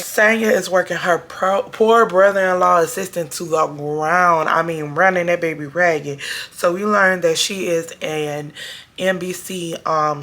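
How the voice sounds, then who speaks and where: A hoarse woman recapping a TV episode for her viewers in a sassy, casual, chatty way. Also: fairly low pitch, pushed and bright. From Chicago area. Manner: sassy, talks straight to her audience with slang. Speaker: TV show review vlogger.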